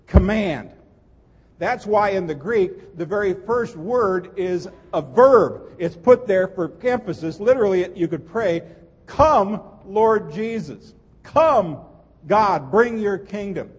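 Pastor, male, high husky voice, earnest emphatic sermon delivery, long church reverb. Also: darkish tone, highs cut off. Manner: earnest, emphatic preaching with repeated phrases. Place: church sanctuary.

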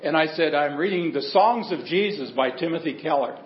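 Male pastor, fairly high voice, chatty storytelling sermon, roomy church sound, slightly muffled recording. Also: moderate pace, slight background noise. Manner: conversational storytelling with humor.

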